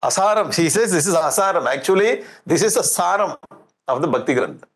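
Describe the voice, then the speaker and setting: A man with an Indian English accent giving a lively spiritual discourse, jovial and often chuckling as he acts out scenes. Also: a little high, a little fast. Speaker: swami giving a scripture discourse.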